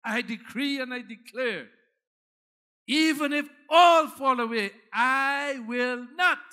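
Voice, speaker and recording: A male preacher voicing the disciple Peter as a headstrong, boastful man who declares his loyalty loudly and insistently. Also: very high voice, slow pace, smooth, voice pushed up, exaggerated voice.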